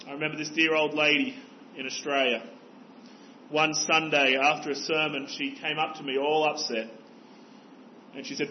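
A man's voice: on the high side, flat delivery, normal speed, long pauses, highs cut off, slight background noise. A man preaching a sermon as pastor, earnest and exhorting, pressing his listeners with rhetorical questions.

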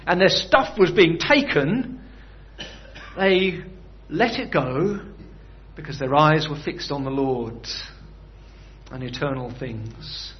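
A man delivers a sermon in an easy, conversational manner, tossing rhetorical questions to his listeners. His voice sits a little high for a man. The recording is dull and lo-fi. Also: lively intonation, slow pace. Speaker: preacher.

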